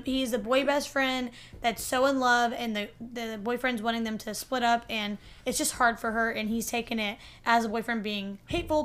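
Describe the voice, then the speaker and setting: Bright, high-voiced young woman debating. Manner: animated, argumentative, laughs often. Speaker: debate podcast co-host. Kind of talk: casual debate chat.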